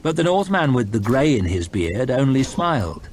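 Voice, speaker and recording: A man reading a novel aloud as storytime narration, expressive with soft low asides. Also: normal speed, few pauses, slight background noise. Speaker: audiobook reader. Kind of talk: storytime narration over gameplay.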